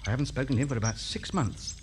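A man's voice: mid-range voice, lively intonation, rapid-fire, noisy background, natural voice. A man playing a pompous radio-ham lodger. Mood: chattering. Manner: pompous, indignant, chattering. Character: pompous, self-important male radio hobbyist lodger. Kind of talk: radio comedy acting.

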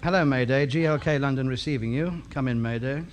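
A man's voice: medium pitch, fairly quick, natural voice. A man playing a grumbling, sardonic radio ham in a 1950s radio sitcom. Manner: grumbling, sardonic comic delivery. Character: grumbling middle-aged male radio ham. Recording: noisy old radio sitcom recording.

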